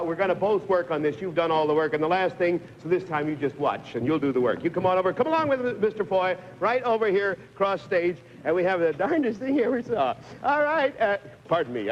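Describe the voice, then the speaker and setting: A man hosting a live TV game show, briskly explaining stunts and coaxing contestants on, heard through a 1950s broadcast recording. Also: high-pitched, slight background noise. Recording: dull 1950s TV broadcast with long reverb.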